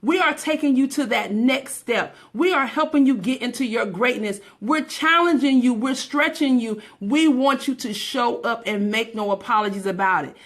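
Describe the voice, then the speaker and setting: A woman hosting a live stream, greeting viewers by name in an energetic, hyped-up way. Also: on the high side, normal speed, few pauses. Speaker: host of a live-streamed motivational show. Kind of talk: live-stream hype talk.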